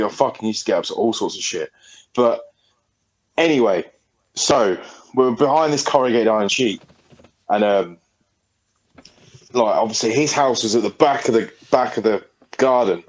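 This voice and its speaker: A man's voice: on the low side, moderate pace, pauses often, poor audio. A man, a podcast co-host telling a story in a rambling, sweary, casual way. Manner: rambling, sweary, laughing often.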